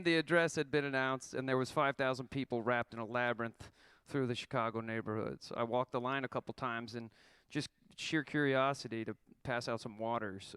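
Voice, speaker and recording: A man's voice: mid-range voice, fairly bright tone, smooth, dry recording. A man in his thirties telling a wry, profane story about his band's tour, reading a prepared account to an audience. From Oklahoma.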